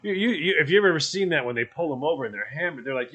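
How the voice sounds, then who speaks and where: A man's voice: a little high, fast, highs cut off. A man telling a funny story in casual chat, acting out the people in it. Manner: animated, acts out the people in his stories.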